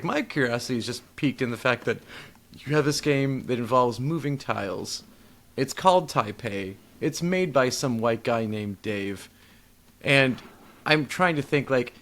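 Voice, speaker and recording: A man's voice: mid-range voice, a bit bright. Laid-back rambling male podcast co-host. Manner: laid-back, rambling, often laughing along. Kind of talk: casual chat.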